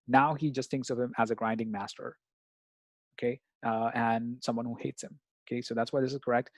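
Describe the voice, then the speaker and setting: A man's voice: mid-range voice, steady tone, a little fast, no echo. A man tutoring students through test answers in a casual walkthrough, often checking in with "right?" and "okay?". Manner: hesitant, many fillers and restarts.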